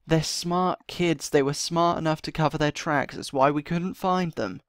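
Gravelly man muttering through a role-play. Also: steady tone, moderate pace, no echo, clean studio sound. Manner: mutters to himself in low tones with sighs, then pleads loudly. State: out of breath. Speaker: roleplay series host playing his character. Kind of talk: in-character gameplay role-play.

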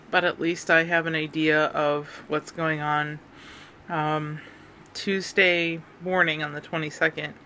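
A woman's voice: low voice, sharp tone, a little hiss or hum. A woman vlogging casually, talking in a candid, matter-of-fact way. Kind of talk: casual personal vlog.

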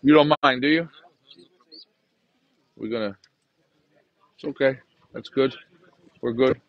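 A man from Canada talks in a chatty, upbeat way and chews gum as he walks an outdoor pigeon market. His voice sits at a middle pitch, recorded close on a handheld phone. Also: slow, no echo, muffled recording. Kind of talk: casual walk-around vlog. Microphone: handheld phone camera.

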